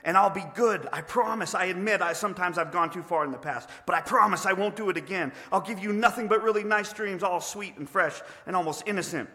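A sly, wheedling lizard coaxes in a raised, bright voice, put on by a preacher. The long reverb of a big hall trails behind the urgent coaxing. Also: male voice, high voice, fairly quick, few pauses, faint music behind, pitched above the performer's own voice.

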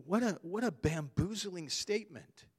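A man's voice: high voice, expressive, unhurried, husky. A man preaching a sermon, earnest and emphatic, repeating his key phrases for weight. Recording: long hall reverb.

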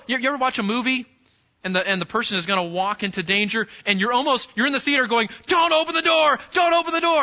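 A man teaching a sermon-style Bible lesson, animated and acting out the scenes he describes, often repeating himself. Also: extremely high pitch, highs cut off.

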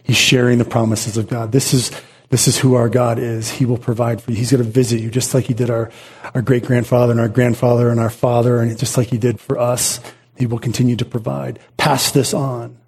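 A middle-aged man preaches with a mellow, dark tone and a slightly husky edge. He speaks earnestly and repeats his phrases for weight, often restarting mid-thought as he drives his points home. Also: medium pitch, flat delivery, fairly quick. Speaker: pastor. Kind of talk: sermon.

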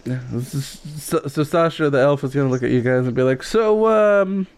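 A man narrating as game master of a tabletop game, slow and halting with lots of pauses. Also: mid-range voice, fairly even intonation, darkish tone. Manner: slow, full of filler pauses, laughs easily.

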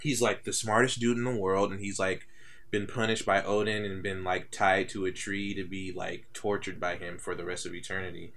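A man's voice: low-pitched, flat delivery, moderate pace, fairly bright tone. A young man co-hosting a casual podcast, laid-back and swearing freely. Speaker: podcast co-host. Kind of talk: casual chat.

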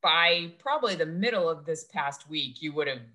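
A woman's voice: low-pitched, expressive, normal speed, sharp tone. A woman co-hosting a podcast over a video call, upbeat, prompting her co-host and recapping the details.

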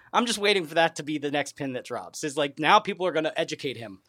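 A man from an Italian-American family co-hosting a podcast, chatting in an animated, laughing, jokey way. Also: a little high, quick pace, few pauses, dry recording, studio quality. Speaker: podcast co-host. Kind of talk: casual comedic banter.

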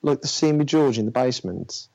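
A man's voice: mid-range voice, animated, a little fast, vocal fry, darkish tone. A man in casual chat about films, talking hesitantly with many fillers and restarts. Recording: dull lo-fi audio.

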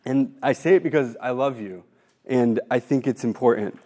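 A man in his twenties giving a talk to his faith community, nervous and tearful, halting with many pauses. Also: medium pitch, warm tone. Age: 20s. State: tearful, voice breaking. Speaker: speaker giving a formation talk.

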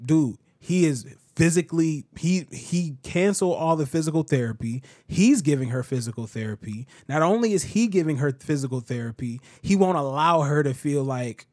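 With few pauses and a normal pace, a podcast host animatedly narrates a story in casual conversation, performing each quote. His pitch leans high, and the studio recording is clean and echo-free.

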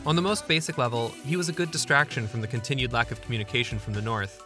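A man's voice: mid-range voice, fast, music in the background. A young man narrating his own memoir in a wry, self-deprecating, conversational way. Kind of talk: memoir storytelling.

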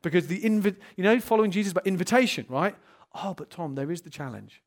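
Guy preaching, bit high voice, super lively, goes playful then all quiet and earnest. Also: quick pace. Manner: lively and animated, shifting from playful to hushed and earnest. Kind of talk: sermon.

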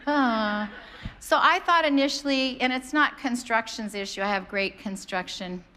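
A middle-aged woman, a pastor, preaching a sermon in an animated, conversational way, often acting out the voices of people in her stories. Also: fairly high pitch, normal speed. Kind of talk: sermon with storytelling.

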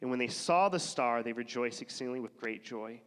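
A man's voice: mid-range voice, brisk, fairly bright tone, clean tone, big-room sound. A man with a cough preaching a casual, conversational sermon, acting out the voices of the people in his stories. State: has a cough.

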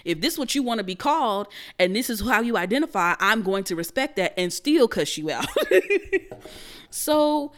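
A young woman telling a personal story in a casual monologue, animated and blunt, cussing and laughing as she goes. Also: mid-range voice, moderate pace.

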